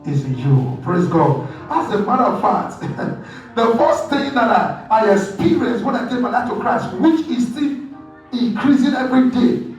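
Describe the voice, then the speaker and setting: A man's voice: very high voice, expressive, a little slow, muffled recording. A male pastor preaching a sermon in an emphatic call-and-response style. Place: church hall. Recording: echoey hall, distant mic, faint music.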